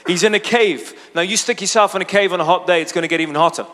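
A high-sitting, quick-paced male voice with a fairly bright tone belongs to a pastor preaching in a church auditorium. His sermon is a casual, chatty story peppered with asides to the congregation, heard through the long reverb of a large hall.

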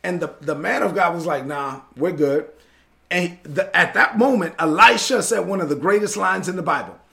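High, gravelly-voiced preacher. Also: male voice, expressive, fairly quick, pushed and bright. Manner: emphatic, repetitive preaching cadence. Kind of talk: sermon.

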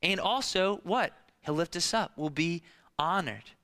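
Man in his thirties, pastor, conversational sermon, rhetorical questions, fairly high voice, clear and smooth. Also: expressive, unhurried, pushed and bright. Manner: rhetorical questions and personal anecdotes.

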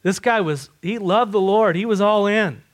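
A man preaching a sermon, animated and asking his listeners questions. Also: high voice, normal speed. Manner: animated, asks the congregation questions. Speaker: pastor.

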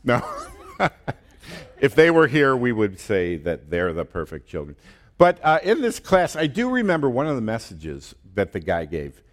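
A man's voice: medium pitch, huge pitch swings, normal speed. A middle-aged man giving a conversational sermon as pastor, with fillers and restarts. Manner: conversational, laughs often, many fillers and restarts.

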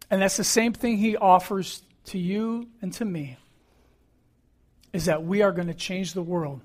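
A man's voice: high voice, a little slow, long pauses. A middle-aged man preaching a sermon as pastor, earnest and emphatic, repeating key phrases.

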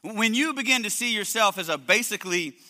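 A man preaching a sermon in an emphatic, animated way, stumbling and repeating words as he builds his points, in a church hall. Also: high voice, brisk. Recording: echoey hall reverb.

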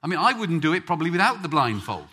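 Male preacher from England, bright and animated, chatty with his congregation. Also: fairly high pitch, fast talker, slightly rough. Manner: lively, joking with the congregation. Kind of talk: sermon with audience banter.

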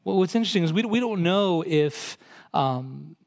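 Animated, with vocal fry and a slightly mellow quality, a male pastor preaches at a moderate pace. He explains scripture conversationally, and his pitch and intensity rise as he quotes and emphasizes.

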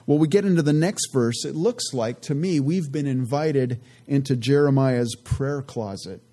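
A man giving conversational Bible teaching, earnest and relaxed, often adding "you know" and reading verses aloud slowly. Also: medium pitch. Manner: reads scripture aloud slowly and deliberately.

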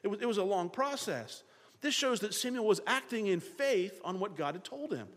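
High, lively preacher in an echoing hall. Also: male voice, moderate pace. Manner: animated, acts out characters' thoughts in dialogue. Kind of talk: sermon.

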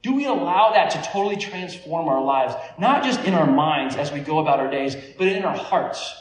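High-voiced man preaching in an echoey hall. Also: normal speed. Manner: conversational, animated storytelling with laughs. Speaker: pastor. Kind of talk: sermon. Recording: echoey room, voice from a distance.

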